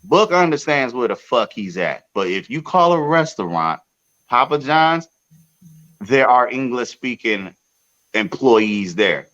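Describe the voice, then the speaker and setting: A man hosting a podcast, telling a long story in a casual, profane way with sudden loud outbursts. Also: medium pitch, big pitch swings, unhurried, highs cut off. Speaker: podcast host.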